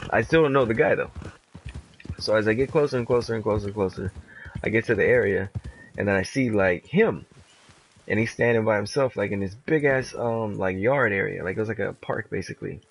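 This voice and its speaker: A young man casually telling a story while playing a game, animated and profane, full of filler words. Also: on the low side, a little fast, vocal fry, a little hiss or hum, low-quality recording. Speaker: streamer.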